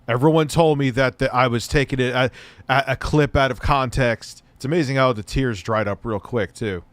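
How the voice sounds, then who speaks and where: A man's voice: mid-range voice, moderate pace, dry recording. A man giving a sarcastic, profane reaction commentary, ranting in disbelief. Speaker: commentary youtuber.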